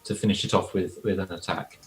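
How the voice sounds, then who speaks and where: Low-voiced male player narrating his character. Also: fairly even intonation, fast talker, poor audio. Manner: describes his character in third person. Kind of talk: playing a tabletop game.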